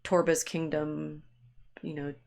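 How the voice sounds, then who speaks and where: A woman with a somewhat low voice co-hosts a relaxed discussion podcast. She thinks aloud, restarting sentences and hedging as she works toward her point. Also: takes it slowly, vocal fry. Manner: rambling, frequent restarts and hedges, laughs easily. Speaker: podcast co-host. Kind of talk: casual conversational discussion.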